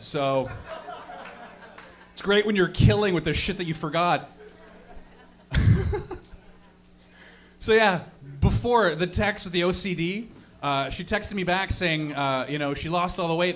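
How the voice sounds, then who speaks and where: On a comedy stage before a live audience, a young man runs through a loose, profane stand-up set, laughing at his own rambling stories. His voice is a little high and a bit bright, at normal speed with frequent pauses.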